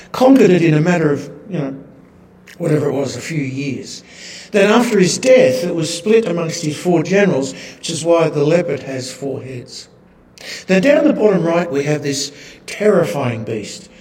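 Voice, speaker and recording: A man gives a sermon-style Bible lesson, walking through slides. His voice sits a little high, and he keeps a wry tone, tossing in rhetorical tag questions. The sound carries a long reverb, as in a large hall. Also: a little mellow. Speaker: Bible teacher. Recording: echoey hall.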